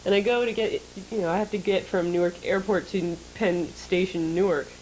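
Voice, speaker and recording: A woman co-hosting a casual chat show, telling an animated story, laughing often and acting out the people in it. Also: fairly low pitch, a little fast, a little hiss or hum, rough recording. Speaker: show co-host.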